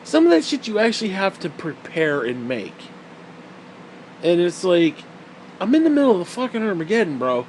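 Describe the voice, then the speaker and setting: A man's voice: sits high, wildly swooping pitch, normal speed, darkish tone, a little hiss or hum. A young man telling stories in a casual, rambling rant, swearing a lot, mocking and laughing as he goes. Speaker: storyteller. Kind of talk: casual ranting storytelling.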